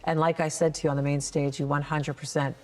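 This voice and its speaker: A woman's voice: sits low, flat delivery, fast talker. A woman host and competition judge giving emphatic, encouraging feedback in a casual interview. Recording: roomy reverb with faint music.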